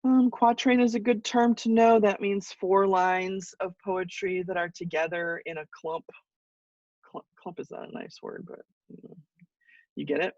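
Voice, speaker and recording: A fairly high-pitched man lecturing to a class, easygoing and loose, with plenty of ums and restarts. He sounds set back from the mic, and the sound is muffled and dull. The room is dry. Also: moderate pace, dry recording, distant mic. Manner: relaxed explaining with fillers and restarts. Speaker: college English teacher.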